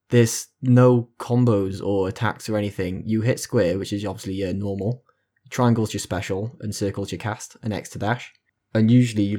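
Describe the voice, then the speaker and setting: On a gaming podcast, a male co-host chats casually, explaining things with enthusiasm and rambling along the way. His voice sits fairly low and has a darkish tone.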